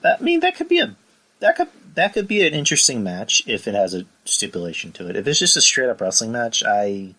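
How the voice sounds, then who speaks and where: Low-pitched guy rambling on his podcast, says "you know" a lot, tense bright tone. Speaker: podcast host. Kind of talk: casual chat.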